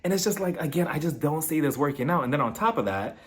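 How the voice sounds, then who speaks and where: A man hosting a casual, gossipy review of a reality TV episode, chatty and quick to laugh. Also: fairly high pitch. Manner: animated, chatty, laughs often. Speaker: reality TV recap host.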